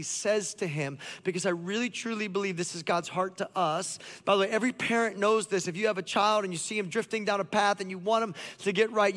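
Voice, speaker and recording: A man's voice: high voice, fairly bright tone, big-room sound. A man preaching a sermon as pastor, impassioned, building to fervent intensity as he voices God speaking. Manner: impassioned, voicing God's lines with rising intensity.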